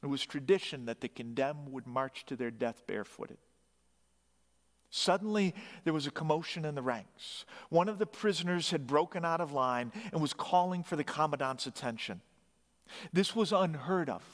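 A man's voice: on the high side, lively intonation, normal speed. A man preaching, telling a story dramatically with emphatic rising bursts. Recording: long hall reverb.

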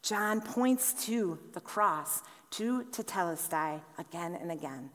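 Slow, deliberate woman preaching in a hall. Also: fairly low pitch, lively intonation, a bit bright. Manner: slow, deliberate delivery with dramatic drops in volume. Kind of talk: sermon. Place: church sanctuary. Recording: long reverb in a large hall.

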